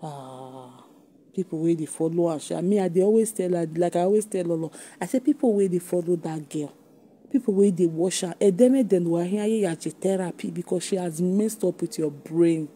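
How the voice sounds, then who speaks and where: Dark husky Nigerian woman gossiping. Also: lowish voice, moderate pace. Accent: Nigerian Pidgin English. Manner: animated, mocking, laughs often. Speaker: online commentator. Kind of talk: casual gossip commentary.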